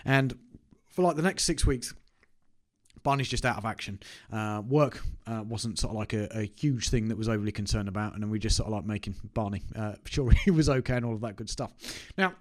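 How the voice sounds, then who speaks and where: A man's voice: fairly low pitch, brisk. A man, telling a personal story to camera in a chatty, self-mocking way. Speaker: business owner vlogger. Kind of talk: casual anecdote to camera.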